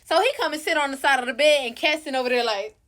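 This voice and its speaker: Young woman vlogger, high and bright voice, profane, chatty storytime. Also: fast talker. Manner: candid, profane, addresses viewers directly. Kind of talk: casual storytelling.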